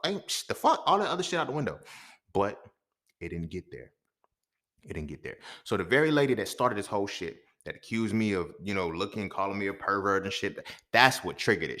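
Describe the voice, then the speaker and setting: Male podcast host, low-pitched and very expressive, profane storyteller who swings between shouting and muttering. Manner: animated and profane, swinging between loud outbursts and muttered asides. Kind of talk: storytelling monologue.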